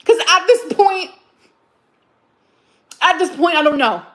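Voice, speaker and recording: A woman's voice: extremely high pitch, animated, slow, bright, forceful tone. A woman on a live stream, telling a story in an agitated, emotional rant, repeating herself and swearing.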